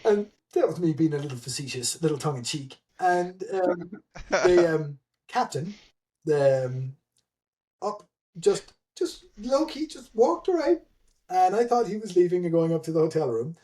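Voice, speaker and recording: A man telling a story in a casual podcast chat, animated and laughing, with many fillers and restarts. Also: high voice, moderate pace. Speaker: guest, event admin.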